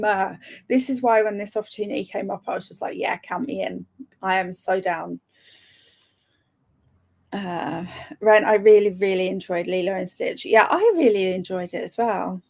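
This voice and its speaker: Young woman, casual chatty stream host, giggly, mid pitch. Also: darkish tone. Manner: chatty, laughs often, reads out viewer comments. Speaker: livestream host. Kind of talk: casual live-stream chat.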